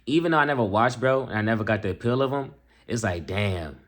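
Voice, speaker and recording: A young man reacting to a clip, mocking it bluntly in loose slang. His voice sits slightly low. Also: expressive, fast talker. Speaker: reaction video host. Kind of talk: casual reaction commentary.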